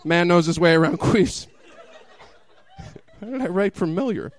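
A man's voice: high-pitched, lively intonation, a little slow. A man giving a mock-dramatic comic reading of crude fiction, often laughing and breaking into incredulous asides. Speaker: comedic reader.

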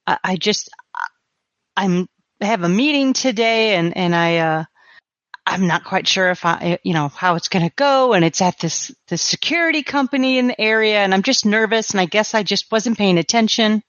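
A woman's voice: medium pitch, animated, normal speed, fairly bright tone, no echo, muffled recording, natural voice. A woman voicing a nervous, apologetic young woman in a tabletop game who stammers and restarts her sentences. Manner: stammering, flustered.

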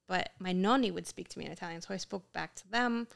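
A young woman in casual podcast chat, telling animated stories and acting out the people she quotes. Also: lowish voice, fast, creaky. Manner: animated storyteller, acts out quotes in Italian.

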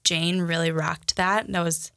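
A young woman with a Minnesota accent chats casually as a podcast co-host, rambling through fillers and restarts. Her voice has a gravelly fry, and the sound is close and dry. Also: on the low side, flat delivery, a little slow, fairly bright tone, no room sound. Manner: chatty, many fillers and restarts. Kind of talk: casual chat.

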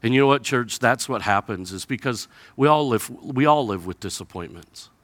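A male pastor preaching a sermon, animated and acting out the people in the stories with sarcasm, then dropping low and quiet to read scripture. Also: normal speed, no room sound. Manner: animated, acts out biblical characters with sarcasm.

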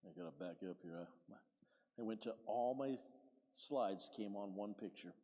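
A man preaching a sermon with lively swings from quiet to loud, asking for amens. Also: on the low side, moderate pace, in a large hall.

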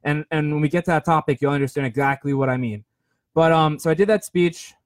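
A man's voice: a little high, quick pace, no room sound, clean studio sound. A man in his twenties telling a rambling, self-deprecating story in casual chat, with lots of fillers and restarts. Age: 20s. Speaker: podcast host.

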